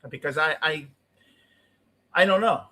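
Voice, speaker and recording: A middle-aged man with a New York accent ranting as a postgame show host, cursing and swinging between yelling and muttering. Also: a little high, unhurried. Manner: profane, swings from shouting to muttering. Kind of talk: ranting fan commentary.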